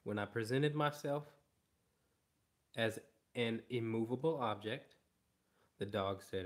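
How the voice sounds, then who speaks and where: Slow, emphatic male dog trainer. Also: mid-range voice. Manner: emphatic, repeats key phrases. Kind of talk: instructional explanation.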